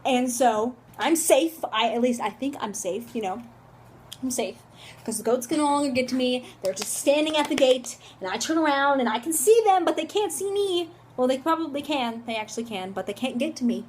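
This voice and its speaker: A young woman telling a story for her vlog in a dramatic, animated way, recorded on a phone camera. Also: high-pitched, normal speed, slight background noise. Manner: dramatic, animated, shrieks when reenacting. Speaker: vlogger.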